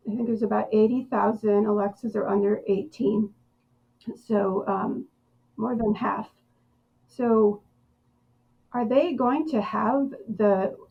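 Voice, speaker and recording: A woman hosting a podcast talks in an unhurried, deliberate way, often pausing to find her words. Her voice sits a little high, and the audio is somewhat dull and lo-fi. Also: creaky. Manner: slow, thoughtful, with many pauses and fillers. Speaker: podcast host. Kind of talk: conversational podcast interview.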